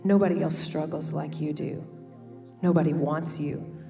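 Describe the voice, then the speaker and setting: A woman's voice: deep voice, steady tone, moderate pace, creaky. A woman reading out accusing lines as the voice of the enemy in a sermon skit, in a big reverberant hall with music behind. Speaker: church volunteer voicing the enemy's lies.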